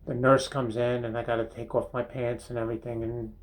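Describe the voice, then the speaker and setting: An older man hosting a comedy monologue, telling a rambling, halting anecdote from a bathroom, full of restarts and chuckles. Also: medium pitch, flat delivery, poor audio. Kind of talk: seated storytelling monologue. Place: bathroom, seated on a toilet.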